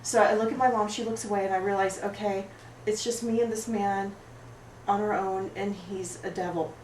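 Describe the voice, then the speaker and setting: An actress playing an oversensitive, apologetic woman at a support group, rambling through an improvised monologue in a rough, emotionally raw way. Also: medium pitch, fairly even intonation, normal speed, darkish tone, close to an everyday voice. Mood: wounded. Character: oversensitive, apologetic woman pouring out her woes. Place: roomy studio space. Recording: echoey room, far mic, background noise.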